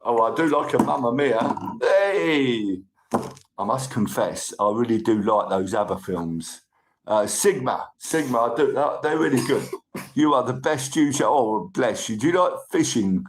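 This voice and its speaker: A man from the UK with a British accent, hosting a livestream and chatting casually through viewer comments, upbeat and a bit overexcited, his voice croaky. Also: medium pitch, animated, measured pace. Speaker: livestream host.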